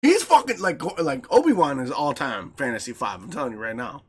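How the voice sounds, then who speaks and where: A man co-hosting a podcast in his home studio, an animated, crude storyteller who laughs often. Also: mid-range voice, brisk, husky. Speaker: podcast co-host. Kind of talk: casual chat.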